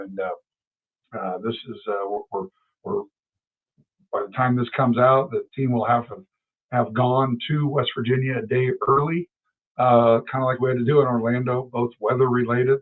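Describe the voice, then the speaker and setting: A man co-hosting a sports podcast, chatting casually and rambling through stories with restarts. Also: medium pitch. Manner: rambling, self-correcting storyteller. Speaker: podcast co-host. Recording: tinny phone-like sound.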